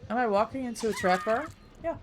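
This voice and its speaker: A woman's voice: fairly high pitch, animated, fast, over music. A woman livestreamer chatting casually with her viewers while she plays, thanking them by name as she goes.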